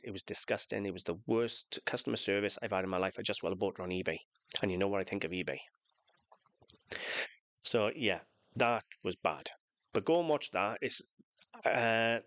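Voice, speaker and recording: A man's voice: lowish voice, a bit bright, no echo. A man vlogging, telling a grievance story in an aggrieved, emphatic way with lots of repetition. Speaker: vlogger and antique dealer. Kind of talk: casual ranting vlog.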